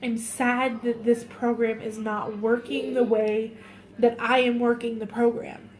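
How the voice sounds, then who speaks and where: A woman vlogger speaking in an emotional, halting way, tearful and often repeating herself in a confessional vlog. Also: fairly high pitch, flat delivery, a little mellow.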